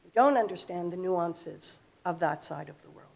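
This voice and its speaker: A woman's voice: fairly low pitch, animated, normal speed, vocal fry. A middle-aged woman giving a sermon in an earnest, explaining way, asking rhetorical questions. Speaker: speaker at a congregation.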